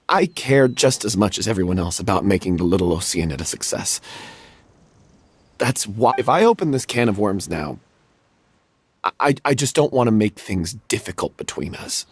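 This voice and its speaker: An anxious young stage actor in a video game, with a slightly husky, lowish voice that rises and falls a lot. He talks earnestly and hesitantly, stumbling as he tries to avoid conflict. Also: animated, normal speed, pauses often, no echo. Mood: uneasy.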